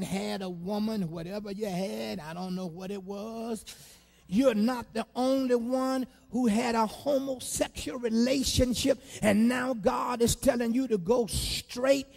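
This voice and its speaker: A male pastor preaching a sermon in a church, shouting and sing-song, with lots of repetition. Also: sits high, steady tone, unhurried, vocal fry. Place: church sanctuary. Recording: long church reverb.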